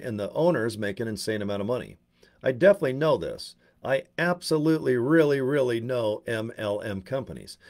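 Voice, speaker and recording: A man's voice: mid-range voice, darkish tone. Blunt, rambling man talking to camera. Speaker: online business promoter. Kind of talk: casual on-camera monologue.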